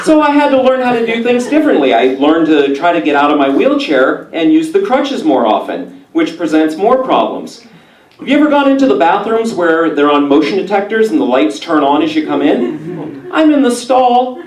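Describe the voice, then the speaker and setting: A man doing a crude stand-up comedy set, telling stories deadpan and jumping into high voices for the people he quotes. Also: moderate pace. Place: theater stage before a live audience. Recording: roomy live room, mic at a distance, loud crowd laughter. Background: audience laughing.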